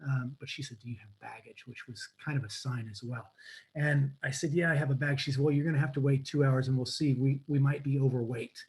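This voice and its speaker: A man on a video call telling a personal story in a live webinar, animated and dropping to a whisper for quoted lines. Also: mid-range voice, fairly quick, breathy edge, poor audio. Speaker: guest coach.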